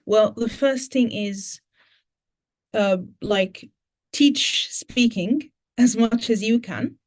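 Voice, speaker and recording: Woman, British English accent, slightly high voice, online conference Q&A, step-by-step explanations, fillers and restarts. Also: a little mellow. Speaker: teacher trainer.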